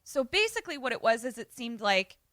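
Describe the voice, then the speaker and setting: Podcast co-host, female, lively storyteller who performs character lines; bright tone, dry booth sound. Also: a little high, fairly quick, dry recording. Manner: animated retelling, acting out characters' lines. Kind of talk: casual film recap chat.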